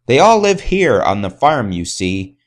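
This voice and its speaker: A man's voice: medium pitch, very animated, measured pace. A man narrating a rhyming children's story in a playful sing-song way. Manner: sing-song, playful, imitates animal sounds.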